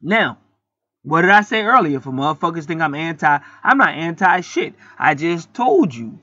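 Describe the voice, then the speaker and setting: A man's voice: a little high, big pitch swings, moderate pace, pushed and bright, dry recording. A man hosting a spiritual channel, delivering a blunt, profane, rambling monologue full of restarts. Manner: blunt, preachy, heavy swearing, rambling with restarts. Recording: dull lo-fi dry recording.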